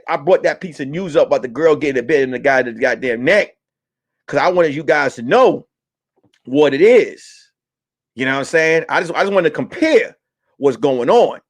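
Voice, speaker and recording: A man hosting a comedy talk stream, ranting loudly and profanely about the news. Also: on the high side. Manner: loud, animated, profane ranting. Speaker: comedian host. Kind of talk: comedic commentary.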